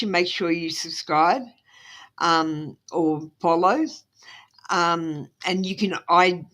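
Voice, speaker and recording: A woman's voice: fairly low pitch, a bit bright. An Australian woman on a live stream giving tarot readings, talking in a rambling, apologetic way with lots of ums. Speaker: tarot reader. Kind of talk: casual live-stream chat.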